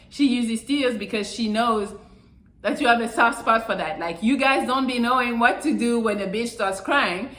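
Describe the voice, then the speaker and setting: Host, female, brash and profane, mocks others in put-on voices, fairly high voice, roomy echo. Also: fairly bright tone. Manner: blunt, profane, mocking impressions. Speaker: channel host. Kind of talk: casual advice monologue. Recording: echoey room.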